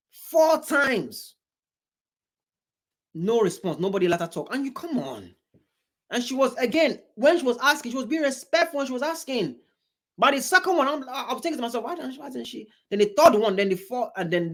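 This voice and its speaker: A man hosting a reaction video, talking in an animated, emphatic way, with big swings in pitch and many repeated, restarted words. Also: quick pace. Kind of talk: reaction commentary.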